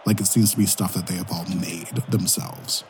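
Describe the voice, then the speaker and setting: A man's voice: low voice, steady tone, normal speed, faint music behind. A man running a tabletop game as game master, describing scenes in a rambling way full of fillers.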